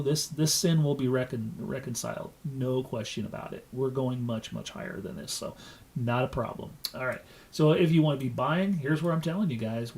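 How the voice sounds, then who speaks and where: Folksy, fast-storytelling crypto host man. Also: medium pitch, creaky. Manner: folksy, animated storytelling with loose profanity. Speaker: crypto market show host. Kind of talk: casual market analysis.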